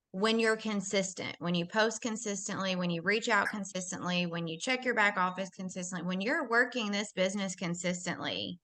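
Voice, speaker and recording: Bright, encouraging woman leading a team meeting, driving her points home by repeating them. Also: medium pitch. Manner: encouraging, repetitive emphasis.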